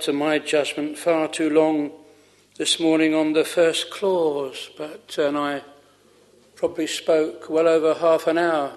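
A man preaching a sermon, earnest and measured, with long pauses and fervent exclamations. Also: fairly high pitch, darkish tone. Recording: long reverb of a chapel hall.

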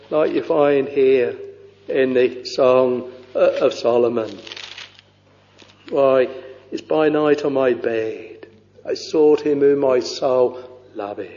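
A man preaching a sermon, reading scripture in a slow, halting way with many pauses and fillers, dropping to a hushed voice on quoted verses. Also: medium pitch. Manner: slow, halting delivery with frequent uh and you know. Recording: dull lo-fi recording with long hall reverb.

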